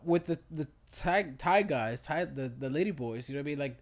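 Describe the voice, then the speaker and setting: A man chatting casually as a podcast co-host, slightly higher-pitched than most. He tells stories with lots of energy and breaks into laughter as he acts out the people he quotes. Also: fairly quick. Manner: animated storyteller, laughs while acting out quotes. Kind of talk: casual chat.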